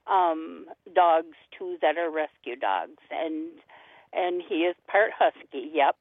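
A woman's voice: deep voice, no room sound. Older woman caller on a tinny phone line. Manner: slow, halting with fillers.

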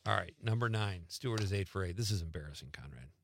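A man's voice: low voice, animated, fast, a little hiss or hum. A man hosting a radio talk show, running a trivia quiz with a guest in a casual, teasing way and laughing often.

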